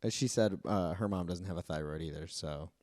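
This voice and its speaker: A man co-hosting a podcast, chatting casually with stammering restarts and animated retelling. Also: sits low, fairly quick, no room sound, clean studio sound. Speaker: podcast co-host. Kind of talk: casual chat.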